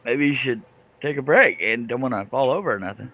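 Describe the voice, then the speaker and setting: A man's voice: medium pitch, animated, a little fast, narrow, tinny audio, a little hiss or hum. A man hosting a live stream, chatting casually, teasing his co-host and laughing often. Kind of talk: casual chat while reading comments.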